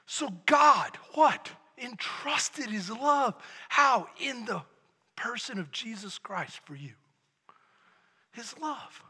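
A man preaching a sermon in a church, telling stories dramatically and swinging between hushed lines and shouts. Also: extremely high pitch, animated, slow pace, breathy edge. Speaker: pastor. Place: church sanctuary. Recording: long reverb of a large hall.

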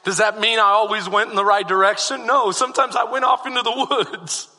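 High, bright-voiced male pastor preaching. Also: steady tone, a little fast. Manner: swings from hushed retelling to fervent shouting. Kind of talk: sermon with personal storytelling. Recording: long hall reverb.

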